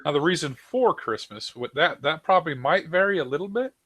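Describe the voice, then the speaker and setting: A man with a sinus infection chatting casually in a group call, making quick, easygoing remarks. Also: fairly high pitch, lively intonation, sharp tone. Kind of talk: casual chat.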